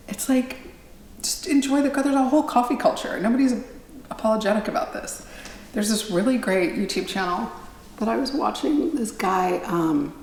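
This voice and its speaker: A woman's voice: medium pitch, darkish tone, a little hiss or hum. Chatty middle-aged woman vlogging, roomy echo. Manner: chatty, rambling, self-deprecating. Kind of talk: casual chat vlog. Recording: roomy echo, faint ambience.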